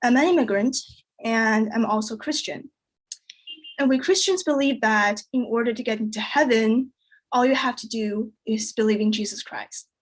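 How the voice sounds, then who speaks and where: A woman whose first language is Chinese performs a stand-up set with a slightly high voice. Her delivery is dry and deadpan. She leaps up in pitch whenever she acts out someone else. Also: moderate pace. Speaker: stand-up comedian.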